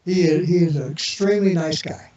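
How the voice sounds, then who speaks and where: A man's voice: fairly high pitch, brisk. A man as an interview guest, telling rambling casual anecdotes full of fillers and restarts, acting out the voices of people in his stories. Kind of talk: casual storytelling. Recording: echoey, distant, muffled internet radio audio with crowd noise.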